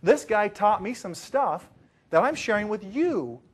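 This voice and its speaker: A male trainer with a fairly high voice speaks to a room of learners. He tells stories animatedly, dropping to a hush and then rising loud. He works a live training session. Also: measured pace. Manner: animated, swings from hushed to loud. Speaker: presentation trainer. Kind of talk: lively storytelling to a training group.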